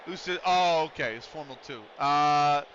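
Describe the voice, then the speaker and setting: Rambling, bright-voiced man streaming. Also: on the high side, unhurried, lo-fi sound, slight background noise. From United States. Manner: rambling and chatty, casually swearing. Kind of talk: casual chat while streaming a game.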